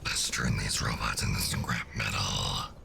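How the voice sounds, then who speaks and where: A man doing a demonic voice, slow, gravelly and whispery. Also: extremely low pitch, steady tone, voice pushed down, exaggerated voice. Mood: menacing. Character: growling demonic male persona.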